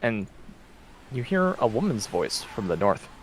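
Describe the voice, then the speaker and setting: A man who narrates a tabletop game as game master, casual, with relaxed asides. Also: on the low side, measured pace, slight background noise.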